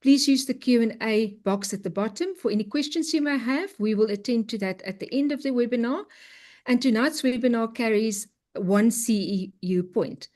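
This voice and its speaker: South African female host, higher pitch, polite formal webinar intro over a video call. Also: normal speed, a little mellow. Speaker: webinar host and committee chair.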